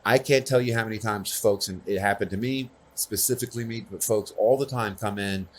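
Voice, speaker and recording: A man's voice: lowish voice, brisk. A man speaking earnestly and personally at a conference, often checking in with the audience. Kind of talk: conversational conference talk.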